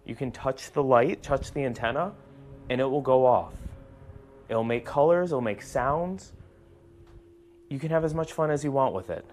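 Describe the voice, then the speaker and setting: Alone in an old house, a paranormal investigator films a ghost-hunting vlog, softly reassuring an unseen spirit and now and then jumping with startled outbursts. His voice sits in the mid range.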